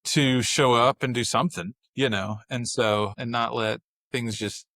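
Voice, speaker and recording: A man in casual podcast conversation, spinning family anecdotes and slipping into the voices of his wife and children as he goes. His pitch sits in the middle for a man, and the sound is dry and close with no room around it. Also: unhurried, no echo. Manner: animated storyteller, acts out family dialogue. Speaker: podcast guest. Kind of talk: casual chat.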